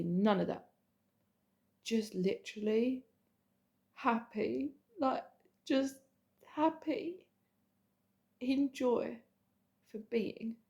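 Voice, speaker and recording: A woman spiritual coach giving an emotional, earnest sales pitch, repeating herself and speaking intimately to the listener. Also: slow pace, long pauses, darkish tone. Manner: earnest, repetitive, swears casually; addresses the listener intimately as hun and babe.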